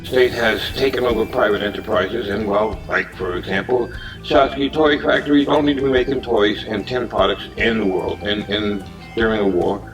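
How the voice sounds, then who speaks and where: A man casually pitching a movie idea in a meandering monologue, with restarts and uneven loudness. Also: normal speed, far from the mic, over music, rough recording.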